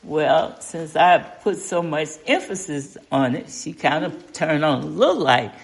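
A woman's voice: low voice, expressive, a little slow, gravelly. An older woman leading an informal Bible study, talking in a folksy, conversational way and asking the group questions.

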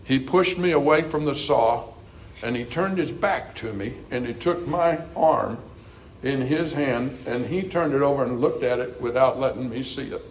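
A middle-aged man preaching a sermon earnestly, climbing to emphatic highs and dropping to soft, quiet passages. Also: moderate pace, a little hiss or hum, rough recording.

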